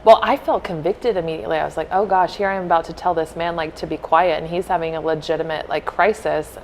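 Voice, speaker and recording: A woman with a slightly low voice tells a story on a podcast in an earnest, heartfelt way. Her tone stays casual and she softly acts out what people said. Faint ambience sits behind her. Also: steady tone, fast talker, a little hiss or hum, poor audio. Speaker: podcast co-host.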